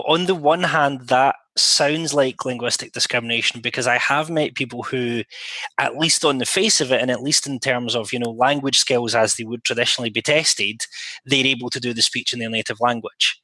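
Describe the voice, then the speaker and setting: A man's voice: mid-range voice, pushed and bright, no room sound. A man co-hosting a podcast about interpreting, asking a long, thoughtful question in casual discussion.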